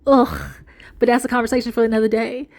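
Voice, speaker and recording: High-voiced woman recapping with lively retelling. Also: quick pace. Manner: animated storyteller, slips into the voices of the people she quotes, laughs often. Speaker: reality TV recapper. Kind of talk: casual chat, retelling with acted quotes.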